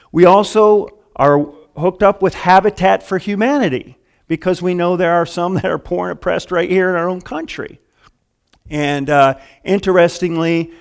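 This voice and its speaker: A middle-aged male pastor preaching a casual, chuckling sermon full of fillers and restarts. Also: on the high side.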